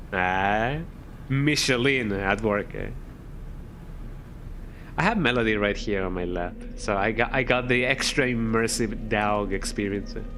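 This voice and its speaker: A man casually commentating a game stream, reading the dialogue aloud in goofy voices. His pitch jumps around a lot as he jokes. A faint background hum sits behind him. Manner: jokey, reads game lines aloud in playful voices, says "eh" a lot.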